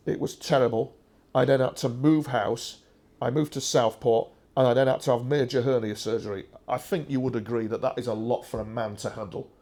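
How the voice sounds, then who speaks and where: A man from England presents a talk with slides, speaking in the first person in a rambling, emphatic way. His voice is medium-pitched with a darkish tone, and he digresses often, restarting sentences and saying "uh" a lot.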